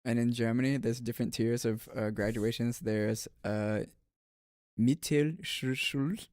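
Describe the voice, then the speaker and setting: A man's voice: medium pitch, steady tone, measured pace, a little mellow, no echo, clean studio sound. A man streaming and chatting casually with viewers, rambling with frequent restarts and filler words. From United States.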